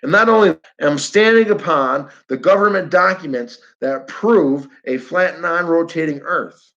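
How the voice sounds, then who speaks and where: On a livestream, a flat earth believer with a New York accent rants bluntly, repeating himself and addressing his viewers directly. His voice sits on the high side, a bit bright and unhurried, and the audio has its highs cut off.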